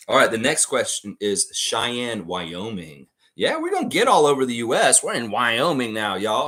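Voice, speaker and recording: A man hosting a live trivia stream in a casual, excitable way, reading out chat names and answers. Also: medium pitch, normal speed, hardly any pauses. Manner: excitable, breaks into loud whoops and laughs, reads chat names.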